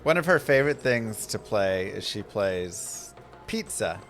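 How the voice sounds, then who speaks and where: A man's voice: lowish voice, vocal fry. A man chatting casually on a live stream while playing a game, telling stories and reading chat between play. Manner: chatty, anecdotal, reads chat aloud.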